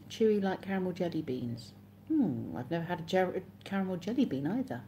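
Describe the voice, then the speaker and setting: A woman's voice: fairly low pitch, very animated, fairly quick, hardly any pauses, dark tone, highs cut off, a little hiss or hum. An English woman hosting a casual live stream, chatting and reading viewer comments aloud with frequent laughs. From England.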